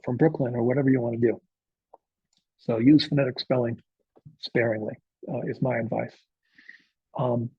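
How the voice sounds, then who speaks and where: Man, novelist lecturing a writers' group, husky voice, dry dull lo-fi sound. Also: mid-range voice, no room sound. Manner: conversational, frequent filler uhs, checks in with "okay?". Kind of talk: informal workshop lecture.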